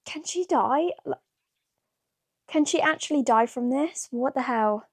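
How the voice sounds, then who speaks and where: Excitable woman gasping through a book reaction. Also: high-pitched, unhurried, slightly rough, dry recording, studio quality. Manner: chatty, many fillers like "like" and "what the hell". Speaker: book vlogger. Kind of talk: casual reading-reaction vlog.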